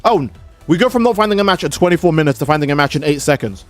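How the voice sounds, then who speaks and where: A man's voice: fairly high pitch, expressive, very fast, faint music behind. Rambling, joking young male game streamer. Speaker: gaming streamer. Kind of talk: casual streaming commentary.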